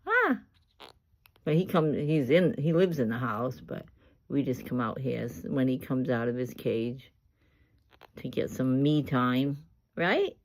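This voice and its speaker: An older woman talking casually about her parrot in her workshop, coaxing it in a high sing-song voice. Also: measured pace, darkish tone. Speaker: pet owner. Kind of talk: casual pet vlog.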